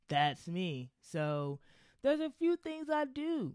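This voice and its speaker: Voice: mid-range voice, animated, moderate pace, a little mellow, clear, resonant tone, dry recording, studio quality. A podcast host giving solo commentary in a heated, profane, rambling rant. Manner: loose, rambling with restarts.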